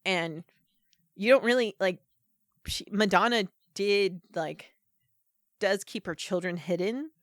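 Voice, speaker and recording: A woman's voice: medium pitch, slow, pauses often, dry recording, studio quality. A young woman chatting casually as a podcast guest, retelling scenes with lots of fillers and acted-out quotes. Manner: animated storyteller, acts out quotes in voices; many fillers like "like" and "you know". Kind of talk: casual chat.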